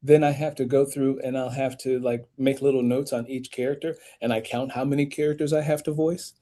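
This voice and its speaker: This is a man guesting on a podcast, an author and audiobook narrator telling his story. His voice is dark and mellow. He speaks in an animated way and pushes his pitch up to stress a point. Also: brisk. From United States. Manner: animated storyteller, rising emphatic pitch when making points.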